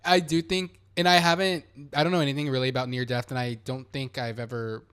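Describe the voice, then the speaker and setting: A man's voice: medium pitch, fairly quick, clear, resonant tone. A young man from San Antonio, Texas, hosting a casual podcast, telling a story with swearing and acted-out quotes. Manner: animated, swearing, acts out quoted voices. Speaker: podcast host.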